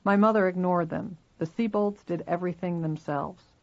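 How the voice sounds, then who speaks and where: A steady, measured reader narrating a first-person memoir. The voice has a gravelly, creaky texture. The recording sounds dull and lo-fi. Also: medium pitch.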